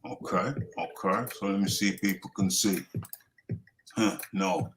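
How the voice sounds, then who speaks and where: A man's voice: sits low, steady tone, a little slow, faint music behind, rough recording. A man hosting a boxing talk show, chatting casually with wry jokes and lots of repetition. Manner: repeats himself, wry and joking. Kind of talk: casual live podcast chat.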